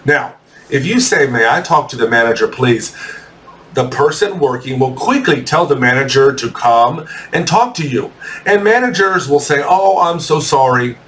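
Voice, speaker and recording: A man teaching English to young learners, dictating sentences slowly and spelling words out letter by letter. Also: mid-range voice, animated, a bit bright, slight background noise. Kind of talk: slow dictation lesson for children. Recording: distant mic with faint room ambience.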